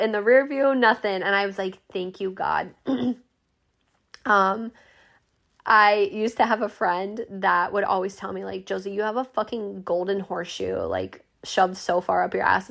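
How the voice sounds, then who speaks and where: Gravelly-voiced chatty young woman. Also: medium pitch. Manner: chatty, swears freely, many "like" fillers, acts out quoted voices. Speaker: podcast host. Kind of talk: casual storytelling monologue.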